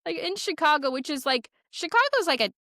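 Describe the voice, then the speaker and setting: A woman's voice: sits high, very animated, brisk, bright, forceful tone, no echo, studio quality. A woman in her forties, a podcast guest telling a story casually and animatedly, full of "like" fillers.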